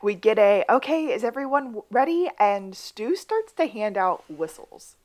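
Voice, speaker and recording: Woman podcast co-host with a lively, swooping voice. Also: normal speed. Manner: lively, swings between high bursts and low asides. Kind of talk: casual recap chat.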